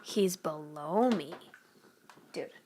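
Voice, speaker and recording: A woman's voice: low voice, extremely slow, dark tone, a little hiss or hum. Chatty young woman on a home livestream. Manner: chatty, giggly, slangy, coos at her cat. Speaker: livestream host. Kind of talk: casual livestream chat.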